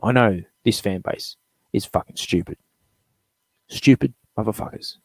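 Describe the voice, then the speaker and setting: A man's voice: on the low side, moderate pace, slightly rough, no room sound. A middle-aged man hosting a live show, ranting bluntly with lots of swearing, rambling between topics. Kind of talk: profane sports fan rant.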